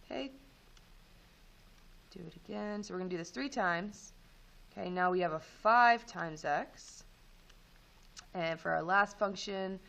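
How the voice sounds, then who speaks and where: A woman teaching math, going over homework and walking students through steps in a relaxed way with frequent ums. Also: medium pitch, a little slow, creaky, pauses often, low-quality recording. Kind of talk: homework review and lesson.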